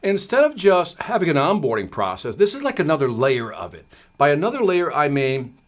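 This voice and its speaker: A man hosting a livestreamed sales lesson from his studio, asking the audience quick rhetorical questions as he goes. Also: fairly high pitch, very animated. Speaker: sales trainer and livestream host. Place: home studio.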